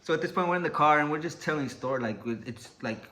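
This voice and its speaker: A man spins a story in loose, slangy talk, swearing freely. His voice is bright and forward, with faint noise behind it. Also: fairly high pitch, quick pace. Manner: profane, slangy. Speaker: channel host. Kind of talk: casual storytelling.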